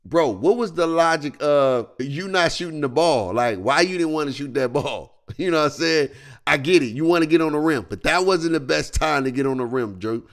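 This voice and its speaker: Man, streamer, high-pitched, very lively delivery, slangy laughing rant. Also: normal speed. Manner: animated, slangy, laughing as he rants.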